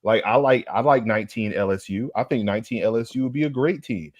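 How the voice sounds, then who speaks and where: A man's voice: lowish voice, fast talker, no room sound, clean studio sound. A man co-hosting a sports podcast, trash-talking rivals in a brash, emphatic way. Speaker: podcast co-host. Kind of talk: heated sports banter.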